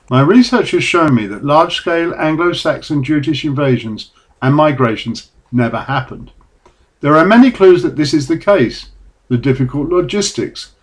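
A middle-aged man from England, reading scripted documentary narration about his own book in a measured, earnest way. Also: on the high side.

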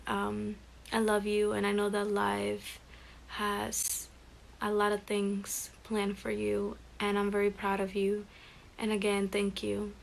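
A teenage girl speaks in a flat, level tone with a lot of vocal fry. She rambles earnestly through a heartfelt birthday message. A faint hiss sits under her voice. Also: medium pitch. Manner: earnest, rambling, self-aware. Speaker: friend recording a birthday message.

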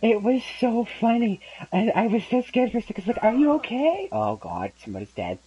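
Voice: medium pitch, huge pitch swings, fast, mellow, highs cut off. A young adult gaming channel host giving casual gameplay commentary, telling stories in a rambling way with lots of ums and sudden bursts of laughter.

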